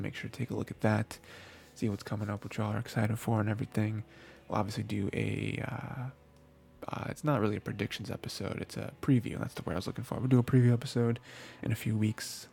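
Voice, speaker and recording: Low gravelly dude, kinda husky and mellow, rambling anime recap with lots of ums. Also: male voice, little pitch movement, a little fast. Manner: rambling, many fillers and restarts, acts out characters' thoughts. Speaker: anime podcast host. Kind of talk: casual weekly anime recap.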